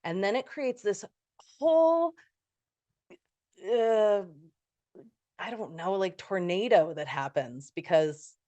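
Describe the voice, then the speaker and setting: A woman's voice: medium pitch, expressive, slow pace, pauses often, dark tone, lo-fi sound. A woman hosting a podcast and working as a coach, talking things through reflectively in casual conversation and reaching for everyday analogies.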